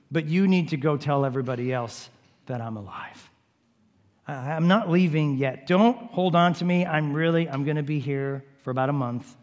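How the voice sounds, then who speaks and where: A preacher doing a calm, soothing teacher. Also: male voice, fairly high pitch, natural voice. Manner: casual, soothing, repeats himself to calm. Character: calm, reassuring male teacher, gently amused. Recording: long hall reverb.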